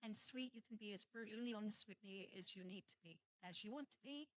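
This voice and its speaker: A woman's voice: mid-range voice, quick pace, no echo. A young British woman streaming live, rambling casually to her viewers and swearing at her computer. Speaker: VTuber streamer.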